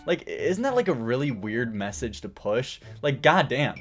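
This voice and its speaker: A man's voice: mid-range voice, very animated, normal speed, hardly any pauses, faint music behind. A man hosting his own channel, delivering a profane, rambling commentary rant and laughing often between points. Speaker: channel host.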